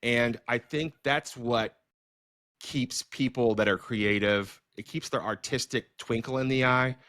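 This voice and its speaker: A middle-aged man, a filmmaker hosting a podcast, telling stories in a casual, animated way with many fillers and restarts. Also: medium pitch, a little slow, no echo. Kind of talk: casual storytelling conversation.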